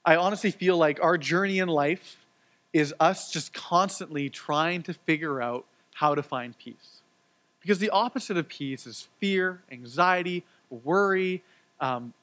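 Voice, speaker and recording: An earnest man in his thirties preaches a sermon, speaking casually and personally, with frequent fillers and restarts. His voice sits slightly high for a man. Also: measured pace, a bit bright. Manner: earnest, conversational, with repeated words and fillers. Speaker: pastor.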